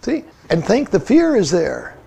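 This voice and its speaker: A Zen teacher in his seventies speaks slowly in a very high, gravelly voice. His pitch moves a lot as he asks his listeners questions, and he drops "see" into nearly every sentence. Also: wildly swooping pitch, warm tone. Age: 70s. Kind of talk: dharma talk.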